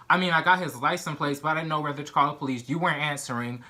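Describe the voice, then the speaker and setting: Young male vlogger, bright tone, animated and filler-heavy storyteller. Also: on the high side, racing. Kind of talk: storytime vlog.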